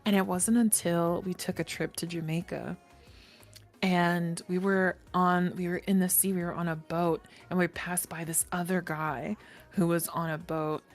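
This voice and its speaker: A woman telling a long personal story in casual chat, animated, laughing often and swearing freely. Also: fairly low pitch, unhurried, soft background music.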